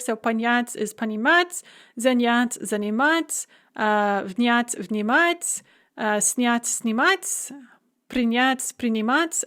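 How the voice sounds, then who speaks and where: A woman with a somewhat high voice delivers a recorded lecture. She works through each verb form one by one, calm and methodical. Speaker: language teacher.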